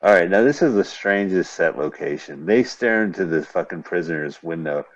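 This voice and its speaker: A man's voice: low-pitched, animated, normal speed. A man casually riffing with a co-host over an old silent film, explaining scenes between wry jokes. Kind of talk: casual banter over a movie. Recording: dull lo-fi radio stream.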